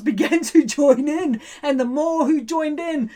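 A woman reading a children's story aloud, animated and playful, building suspense and often breaking into laughter. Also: high-pitched, measured pace, few pauses.

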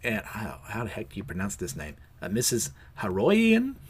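A man's voice: on the low side, huge pitch swings, normal speed, background noise. A man hosting a casual, unedited review show, rambling loosely with many fillers and self-mocking laughs. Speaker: host of a comics review show. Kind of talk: casual review chat, recounting a comic.

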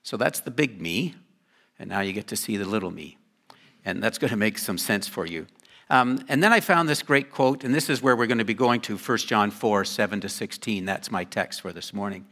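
An older man preaches to his congregation in a loose, conversational way, tossing in joking asides. His voice is bright, and his pitch swings widely as he talks. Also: lively intonation, moderate pace. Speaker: pastor. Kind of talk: sermon.

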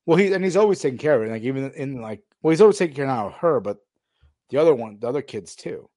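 Male podcast co-host, mid pitch, casual and animated, dry close-miked sound. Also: fast talker, no echo. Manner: animated retelling, acts out scenes. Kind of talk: casual TV recap chat.

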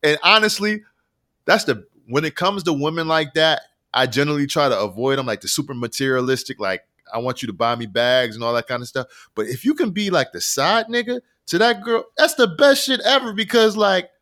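A man's voice: a little high, lively intonation, a little fast, pushed and bright. A man co-hosting a podcast, telling long stories in a rambling, slangy, profane way. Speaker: podcast co-host. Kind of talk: casual podcast chat.

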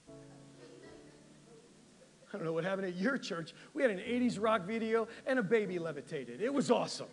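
A man pastor preaching a sermon in an animated, conversational way, often checking in with the congregation. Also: high voice, fairly quick, pauses often, big-room sound, soft background music. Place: church sanctuary.

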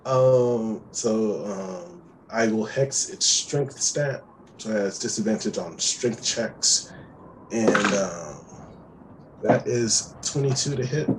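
A man's voice: on the low side, takes it slowly, background noise. A man playing a tabletop game, chatting and laughing as he describes his character's turn. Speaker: player. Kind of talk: casual tabletop play.

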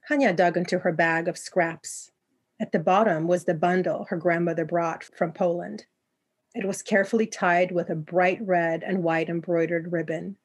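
A woman narrating a story in a calm, even reading voice. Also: fairly low pitch, breathy edge.

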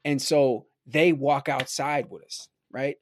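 A man's voice: mid-range voice, steady tone, takes it slowly, dry recording. A man from Milwaukee telling a story in a loose, rambling way, filling his talk with "like" and "right?". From Milwaukee, USA. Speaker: podcast guest. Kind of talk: casual storytelling.

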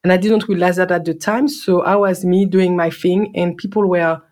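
A woman's voice: fairly low pitch, steady tone, moderate pace, a little mellow. A woman from Guadeloupe with a French accent, telling her own story in an earnest, reflective way and repeating words for emphasis. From Guadeloupe, French Caribbean. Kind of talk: personal storytelling.

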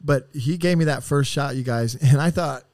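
A man's voice: mid-range voice, moderate pace, a little mellow, no room sound. A man telling stories as a podcast guest in a casual, rambling way, with heavy swearing and streetwise slang. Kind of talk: casual storytelling.

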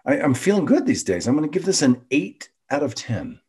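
A man's voice: fairly high pitch, sing-song, a little fast, mellow, slightly rough. A man co-hosting a podcast in casual chat, enthusiastic and rambling, often restarting his sentences. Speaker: podcast co-host.

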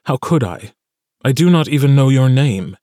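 A man's voice: mid-range voice, unhurried, a little mellow, no echo, close to an everyday voice. Male reader as a wary, formal young noble in an audiobook scene, dry studio sound. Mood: guarded. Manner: formal, guarded speech.

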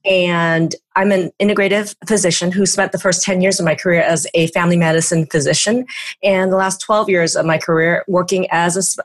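A woman integrative physician hosting a health interview show, asking measured questions. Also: fairly low pitch. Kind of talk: podcast interview.

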